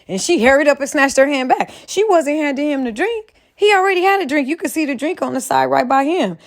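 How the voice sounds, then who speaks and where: A woman's voice: high-pitched, expressive, brisk. A woman in a casual commentary vlog, talking straight to her viewers in a profane, emphatic rant. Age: adult, a mother. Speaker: vlogger.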